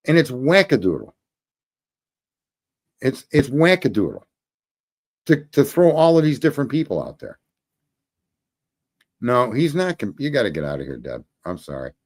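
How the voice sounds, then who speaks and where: A man hosts a ranting livestream, talking profanely and combatively while calling out commenters by name. His voice sits a touch high for a man and moves with a lively, swinging pitch.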